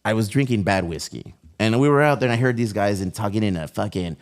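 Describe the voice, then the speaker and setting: A man's voice: on the low side, fast talker. A man in his forties, a podcast host, telling a story in casual chat, swearing freely and dropping Spanish slang. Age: 40s.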